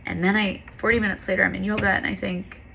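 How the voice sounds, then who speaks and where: A woman's voice: mid-range voice, level tone, fast talker, vocal fry, sharp tone, a little hiss or hum. A woman yoga instructor talking in an earnest, candid, heartfelt monologue, with frequent fillers.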